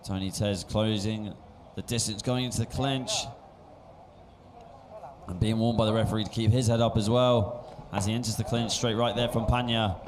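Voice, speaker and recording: A man giving live blow-by-blow boxing commentary with brisk play-by-play calls that lift at big moments. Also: lowish voice, fairly even intonation, background noise. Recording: commentary over loud music.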